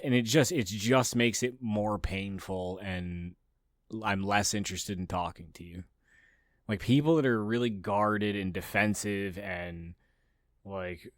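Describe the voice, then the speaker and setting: A man's voice: lowish voice, normal speed, a bit bright, dry recording, clean studio sound. A man hosting a podcast, ranting casually and profanely, mocking others in raised voices. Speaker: podcast host. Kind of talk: casual opinionated monologue.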